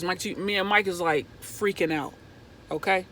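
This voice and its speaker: A young woman vlogger telling a personal story in an animated way, going from hushed to loud when excited. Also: lowish voice, normal speed, a little hiss or hum, poor audio. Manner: excitable, swings from hushed to near-shouting.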